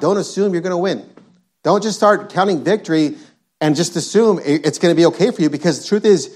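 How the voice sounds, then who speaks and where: A man's voice: a little high, a little mellow. A male preacher delivering an emphatic sermon, reading scripture and driving points home by repeating them. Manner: emphatic, repetitive, quotes scripture.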